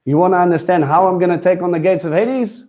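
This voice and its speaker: This man's voice is high and a little mellow, and he talks at a quick clip; the audio is dull. He teaches at a Messianic congregation and is delivering a live sermon conversationally, often asking the crowd questions.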